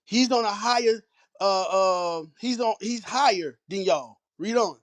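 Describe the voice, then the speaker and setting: A man's voice: high-pitched, a little slow. A man with an African American Vernacular English accent, teaching scripture with blunt, commanding commentary and frequent interjections. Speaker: teacher leading a scripture reading. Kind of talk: street preaching commentary.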